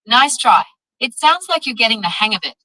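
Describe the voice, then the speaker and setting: A woman's voice: fairly high pitch, lively intonation, a little fast, sharp tone, dry recording, low-quality recording. A synthetic female AI assistant voice coaching tongue twisters in an upbeat, encouraging way. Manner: upbeat, encouraging, evenly paced. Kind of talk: AI assistant tutoring.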